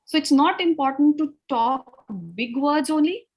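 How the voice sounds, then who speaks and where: A woman's voice: high voice, a little slow, a little mellow, rough recording. A woman with an Indian English accent teaches spoken English over a video call, mixing in Hindi and coaching her students. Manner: mixes Hindi into English, asks students to try. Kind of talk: online class, coaching students.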